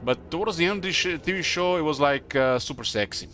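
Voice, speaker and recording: Bright-voiced rambling male streamer. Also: on the high side, soft background music. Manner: rambling, halting with many fillers. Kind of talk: casual live gaming commentary.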